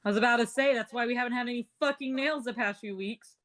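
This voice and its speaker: Woman doing a mouthy punk teen girl, swears a ton, mocking, kinda high voice. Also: fast, a bit bright, lightly acted. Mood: sneering. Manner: blunt, swears constantly, mocking. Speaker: player. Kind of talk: tabletop role-play, in character.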